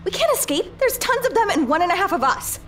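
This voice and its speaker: Very high-pitched frantic little puppet girl, swears a lot, voice bounces all over the place, game character. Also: sing-song, fast talker, a bit bright, slight background noise, heavily acted. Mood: despairing. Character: panicky foul-mouthed female puppet sidekick. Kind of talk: video game voice acting.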